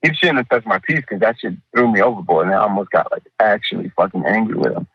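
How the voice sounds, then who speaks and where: A man's voice: lowish voice, fast, slightly rough, dry recording, highs cut off. A man who is a painter, talking casually and animatedly in an interview, swearing freely and acting out what other people say. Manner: animated, profane, acts out quoted voices. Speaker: artist guest.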